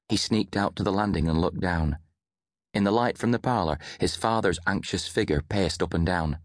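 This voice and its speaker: A male audiobook narrator with a very deep, low voice, reading in a measured, even storytelling way. The sound is dry and close, with no room reverb. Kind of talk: scripted narration.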